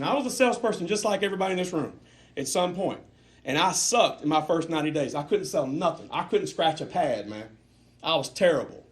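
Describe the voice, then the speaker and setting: A man giving a fervent, emphatic motivational sales training talk to a room of salespeople, swinging between loud and soft. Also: high-pitched. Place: room with a live audience.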